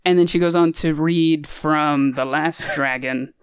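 A man's voice: on the high side, fairly even intonation, measured pace, clean tone. A man casually discussing a movie on a podcast, rambling and hesitant with many fillers. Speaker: podcast co-host.

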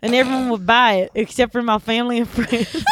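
A woman's voice: a little high, fairly even intonation, fairly quick, very noisy. A woman podcast host doing a jokey mock talk show bit with playful, giggly delivery.

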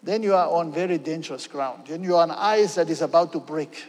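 A man preaching a sermon with emphasis, often pausing to check in with "okay?". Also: fairly high pitch, a little mellow. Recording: long hall reverb.

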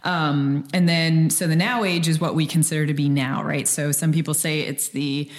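A woman with a very low voice hosts a podcast. She lays out the topic in a chatty, casual way. Her talk is loose and full of fillers. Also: steady tone, normal speed. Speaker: podcast host. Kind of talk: casual chat.

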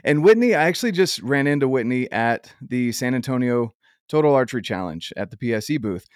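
An upbeat male podcast host with a middle-pitched voice who rambles on with enthusiasm. His voice sounds dry and close, with no room around it. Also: lively intonation, fairly quick, no echo. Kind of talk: podcast intro and interview.

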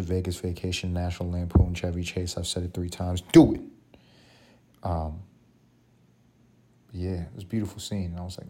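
A man's voice: low-pitched, steady tone, fairly quick, dark tone. A man hosting a solo podcast, telling rambling, profane, joking stories in casual talk. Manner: rambling, profane, jokey storytelling. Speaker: podcast host.

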